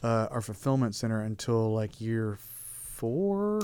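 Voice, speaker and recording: A man in a casual podcast chat, chiming in with relaxed recollections. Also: fairly low pitch, takes it slowly, clean tone, dry recording.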